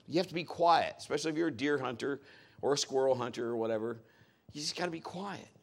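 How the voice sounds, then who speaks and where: A middle-aged man preaching a sermon as a pastor, talking in a conversational, folksy way with joking asides. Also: a little high.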